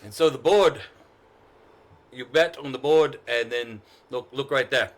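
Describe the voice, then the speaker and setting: A man's voice: medium pitch, measured pace, close to an everyday voice. A man voicing a desperate, defensive old male gambler who stammers and pleads. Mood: explaining.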